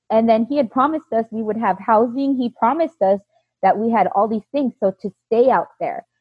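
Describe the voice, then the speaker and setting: A woman's voice: medium pitch, husky, dry recording. A woman earnestly retelling a painful chapter of her life, quoting the people involved. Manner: earnest, emotional retelling with many quoted lines. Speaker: personal storyteller. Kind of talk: candid personal testimony. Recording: dull, lo-fi, dry recording.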